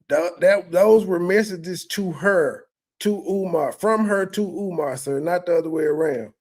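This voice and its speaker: A man talks over a clip in a loose, profane commentary style. He mocks and rants at what he hears, and his voice sits a little high for a man. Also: measured pace. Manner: profane, mocking, animated rants. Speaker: commentary host. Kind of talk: reaction commentary.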